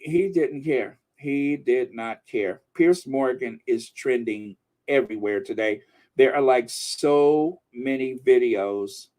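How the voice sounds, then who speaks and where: A man hosting a casual live stream, reading news and viewer comments in a chatty, excitable way. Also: medium pitch. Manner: chatty and excitable, laughing often. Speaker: channel host and commentator.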